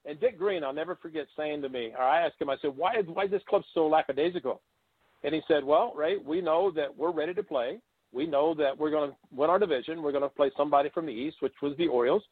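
This former ballplayer, an older man who caught in baseball, tells long stories as an interview guest and performs the voices of the people in them. He speaks fast in a slightly rough voice on the high side, and the recording is dry and tinny, like a phone line.

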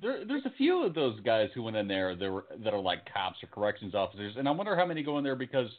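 A man's voice: fairly low pitch, sing-song, fast talker. A man co-hosting a podcast, bantering, swearing and throwing out questions. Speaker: podcast co-host. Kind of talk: casual profane chat. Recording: phone-like lo-fi sound.

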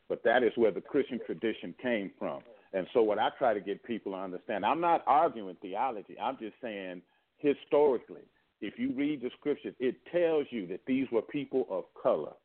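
Male pastor, lowish voice, calm explainer, phone-line audio. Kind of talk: panel discussion.

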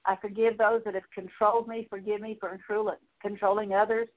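A woman Bible teacher leading a prayer of confession in earnest, repetitive petitions with halting pauses. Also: medium pitch, level tone. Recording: tinny phone-like recording.

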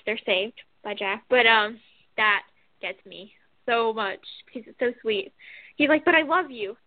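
A woman's voice: a little high, no room sound. Chatty woman on a tinny line. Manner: rambling, animated, lots of "like". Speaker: co-host. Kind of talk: casual chat recapping soap scenes. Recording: phone-like dry sound.

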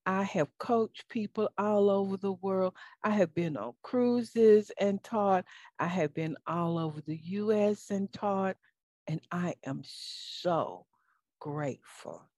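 A woman hosting her own talk show alone, speaking emotionally and warmly about faith to her listeners, with fillers and stammered restarts. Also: mid-range voice, takes it slowly, dry recording, studio quality. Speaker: talk show host and life coach. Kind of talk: solo talk show monologue.

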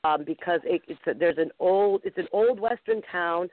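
A woman's voice: lowish voice, moderate pace, no echo. Woman, talk show host, enthusiastic, casual call-in chat, phone-line audio. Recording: tinny phone line, dry.

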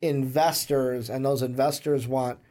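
A man's voice: medium pitch, steady tone, unhurried, mellow. A young man hosting a podcast, talking loosely with swearing and lots of "um" fillers. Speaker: podcast host. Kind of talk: casual podcast chat.

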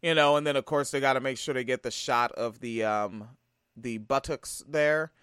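A man's voice: medium pitch, moderate pace, fairly bright tone, clean tone, dry recording. A man from Tacoma giving blunt, heated, sarcastic reaction commentary on a sketch. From Tacoma, Washington.

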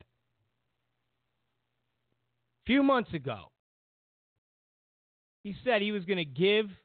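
This host of a political commentary show has a high voice. He rambles with lots of fillers and restarts and mocks people by imitating them, all in a dry, tinny, phone-like recording without echo.

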